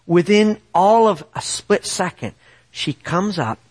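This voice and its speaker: Middle aged guy preaching, animated storyteller, keeps asking the crowd "right?", voice a bit high. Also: slow pace, husky. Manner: animated storytelling, tag questions to the audience. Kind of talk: sermon.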